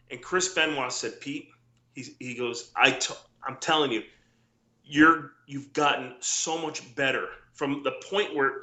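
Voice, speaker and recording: A middle-aged man with a very bright, forceful voice spins rambling stories, acting out the quotes of people he talks about. His voice rings in an echoey room. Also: medium pitch. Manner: rambling anecdotes with quoted dialogue, many restarts. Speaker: former wrestler, guest. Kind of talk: casual storytelling interview.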